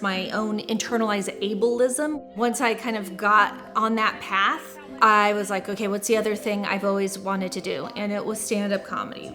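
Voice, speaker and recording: A woman's voice: medium pitch, sharp tone. A woman who is a stand-up comedian, talking in a documentary interview and stuttering with repeated sounds and blocks.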